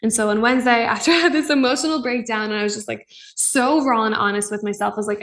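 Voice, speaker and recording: A young woman with a slightly high voice hosts a spiritual podcast in a casual monologue. She talks in a raw, earnest, excitable way and often breaks into laughs. Her voice sits a little back from the microphone. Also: fast talker, few pauses, recorded from a distance. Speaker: podcast host.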